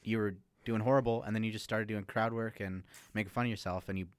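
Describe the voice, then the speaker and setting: A man's voice: on the low side, steady tone, quick pace, clear, resonant tone, no echo. A man co-hosting a radio show, teasing his co-host with short, dry remarks. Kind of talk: casual radio chat.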